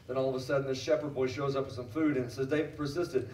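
A man's voice: mid-range voice, fast talker, darkish tone. A middle-aged man preaching a sermon as pastor, emphatic and repeating phrases, asking the congregation questions. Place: church sanctuary. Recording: roomy church audio from a distance.

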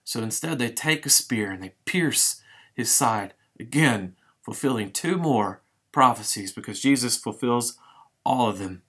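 A middle-aged pastor gives a devotional sermon as a vivid, dramatic retelling, slowing down for emphasis. His mid-range voice is animated and fairly bright, with a breathy edge.

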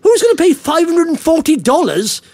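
High, lively man ranting. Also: normal speed, no echo. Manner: animated ranting, laughs often. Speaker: podcast host. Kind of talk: casual chat.

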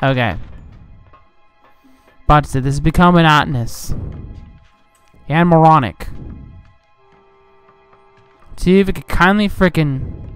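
A young man giving casual, rambling commentary over a game he is playing, getting frustrated and yelling at enemies. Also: fairly high pitch, moderate pace, long pauses, clean tone. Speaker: gaming channel host. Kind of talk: casual let's play commentary. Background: game music.

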